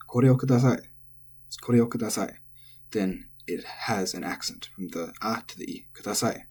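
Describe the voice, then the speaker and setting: Male language tutor, low husky voice, offhand self-correcting lecture. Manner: relaxed, thinking aloud, self-correcting. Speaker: language teacher. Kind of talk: casual lecture on pitch accent.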